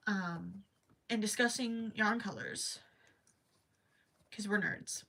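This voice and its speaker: A woman's voice: medium pitch, pushed and bright. A young woman hosting a casual crochet livestream, chatting with viewers, reading their comments aloud and trailing off now and then to count stitches.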